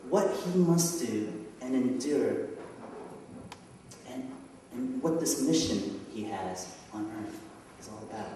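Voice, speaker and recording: Male pastor, unhurried sermon delivery, rhetorical questions and casual asides; distant mic with long church reverb. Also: fairly high pitch, warm tone, a little hiss or hum. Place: church sanctuary. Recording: echoey church hall from far off.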